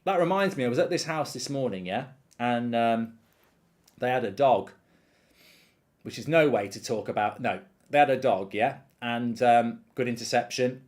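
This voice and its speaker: A man's voice: medium pitch, moderate pace, darkish tone. A man hosting a live football watchalong, ranting animatedly and swearing freely while telling an anecdote. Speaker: host.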